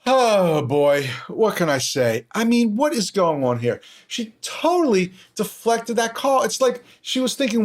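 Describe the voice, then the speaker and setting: Male podcast host, a touch high-pitched, casual, sarcastic, exasperated. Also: very animated, measured pace, few pauses.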